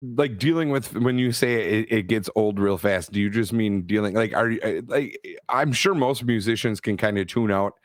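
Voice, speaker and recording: A man's voice: fairly low pitch, moderate pace, no room sound. A man hosting a casual chat, asking probing follow-up questions.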